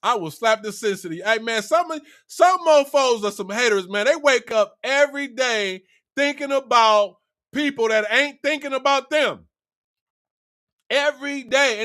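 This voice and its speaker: A man delivering an animated, profane motivational rant in streetwise slang. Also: extremely high pitch, normal speed. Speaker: vlogger.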